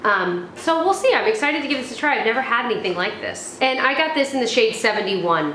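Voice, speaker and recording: A chatty young woman talks through her beauty finds, her voice pitched a little high. She rambles on with plenty of fillers and restarts. The room is echoey, with faint noise behind her. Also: expressive, a little fast, few pauses. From United States. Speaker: beauty vlogger. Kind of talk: casual product review.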